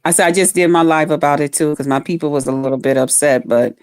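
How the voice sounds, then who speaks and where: A woman's voice: low voice, quick pace, darkish tone, clear, resonant tone, no room sound, clean studio sound. A woman guest on a livestream, polite and explaining herself, calling the host "ma'am.". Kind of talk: casual chat.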